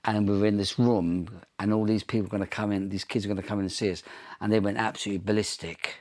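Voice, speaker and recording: A man from Ireland, guest in a relaxed interview, winding through long stories full of ums and false starts. His voice sits fairly low, in a conversational, unhurried telling. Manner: chatty anecdotes, frequent ums and restarts. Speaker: interview guest, pop singer. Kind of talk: casual interview storytelling.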